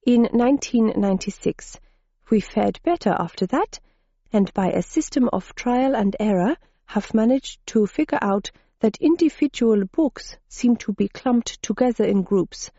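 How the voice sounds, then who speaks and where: A woman's voice: a little high, animated, a little slow, warm tone, no echo, muffled recording, pitched above the performer's own voice. A woman voicing a tall, earnest Swedish woman scientist who explains technical things politely, in a Swedish accent.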